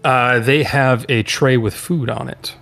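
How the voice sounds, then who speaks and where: A man narrating as game master of a tabletop role-playing game, in loose, halting speech full of fillers. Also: medium pitch, fairly even intonation, gravelly, a bit bright, faint music behind.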